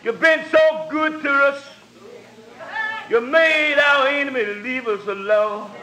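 High-voiced preacher. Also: male voice, slow pace. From Mississippi. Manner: rhythmic repetitive preaching that swells into shouts. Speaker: pastor. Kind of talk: sermon prayer. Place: church with congregation. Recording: roomy church with crowd noise.

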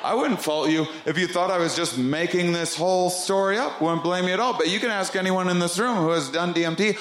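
A man doing stand-up, telling a story with lively swoops into squeaky sound effects. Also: a little fast, reverberant. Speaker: stand-up comedian. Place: comedy club stage.

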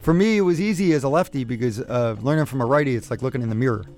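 A man's voice: medium pitch, racing, darkish tone. Rambling radio advice host, a man. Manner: rambling, self-correcting, friendly advice. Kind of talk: casual call-in chat.

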